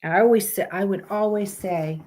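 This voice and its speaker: A woman hosts a casual live stream. She talks bluntly and swears freely. She chats directly with her viewers in a mid-pitched voice. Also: normal speed, a little mellow. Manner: blunt, profane, chatty with viewers.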